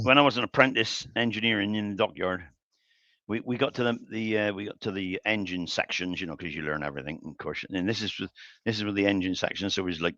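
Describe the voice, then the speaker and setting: Dull lo-fi stream audio with no echo captures an older man's low, sharp-toned voice. Hosting a live woodturning stream in his home workshop, he rambles through anecdotes as he works, chuckling and often restarting.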